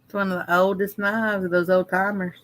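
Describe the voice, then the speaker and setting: Woman co-host, bright and sharp tone, teasing and easygoing. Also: mid-range voice, flat delivery, brisk, no echo. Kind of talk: casual chat.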